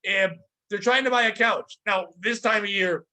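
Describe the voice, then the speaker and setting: Guy with a high bright voice, rambling animated story, jumps up for quotes. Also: normal speed, poor audio. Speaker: podcast host. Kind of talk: casual storytelling chat.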